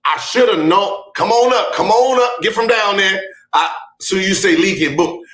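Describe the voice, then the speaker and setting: A man hosting a podcast, telling a comic story with bursts of laughter, shouted punchlines and mouthed sound effects. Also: high-pitched, normal speed, roomy sound. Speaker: podcast host. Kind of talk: comedic storytelling.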